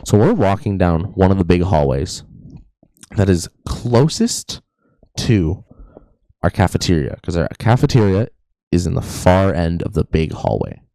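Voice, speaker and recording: A young man with a very deep, gravelly voice rambles through a story as a podcast co-host, joking as he goes. The sound is dry and close. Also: very animated, unhurried, dark tone, no echo. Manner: joking, rambling, says "anyways" a lot. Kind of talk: casual storytelling chat.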